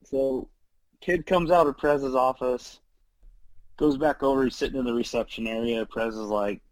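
A man casually telling a story from his mission days, animated, with many fillers and frequent laughs. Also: mid-range voice, normal speed, no room sound, low-quality recording.

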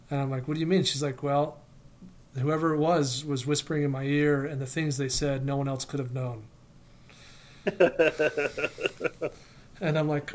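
A man's voice: fairly high pitch, moderate pace, long pauses, slight background noise. A man casually telling a story from his missionary days, acting out both sides of the dialogue with lots of fillers and restarts. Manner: animated, acts out quoted dialogue, many fillers and restarts.

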